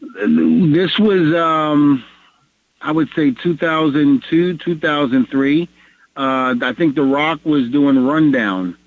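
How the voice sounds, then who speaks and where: A middle-aged man tells a story on a podcast in an animated, chatty way and voices the people in it. His voice sits fairly high for a man, and the recording is dull and muffled. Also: takes it slowly, no room sound. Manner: animated, acts out the dialogue in his stories. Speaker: podcast co-host. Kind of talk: casual storytelling.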